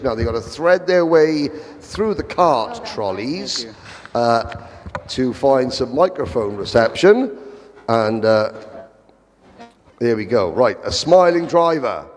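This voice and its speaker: A man giving live motorsport commentary, chatty with wry asides. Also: mid-range voice. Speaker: race commentator. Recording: long hall reverb.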